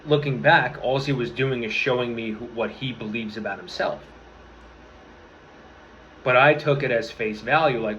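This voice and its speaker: A man's voice: medium pitch, normal speed, long pauses, fairly bright tone, slight background noise. A young man in his twenties talking to camera, earnest and rambling, swearing freely and restarting his sentences. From New York area. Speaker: vlogger. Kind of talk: casual motivational talk to camera. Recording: slightly dull lo-fi audio with faint room ambience.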